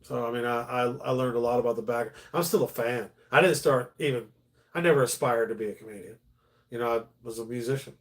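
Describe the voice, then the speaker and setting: A man's voice: medium pitch, quick pace. A middle-aged man, a stand-up comedian, chatting casually on a livestream, rambling with many restarts and swearing freely.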